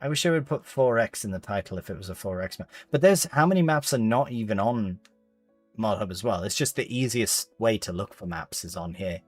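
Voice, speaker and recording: Live-streaming a farming game, a man chats casually with viewers as he plays, reading chat aloud and using British slang. His fairly low voice is animated and a little fast, in a dry recording with soft background music.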